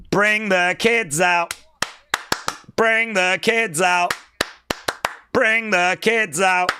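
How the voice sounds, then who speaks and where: A man's voice: high-pitched, pushed and bright, clear, resonant tone, no echo. A man hosting a live wrestling watch-along with teasing, sarcastic play-by-play. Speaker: live stream host.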